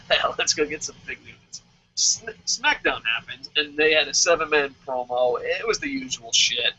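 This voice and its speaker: A man hosting a casual wrestling talk show, animated and jokey, swearing and singing little sound effects. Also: fairly high pitch, moderate pace, creaky, slightly rough, muffled recording. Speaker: podcast host. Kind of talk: casual chat. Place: lives in Japan.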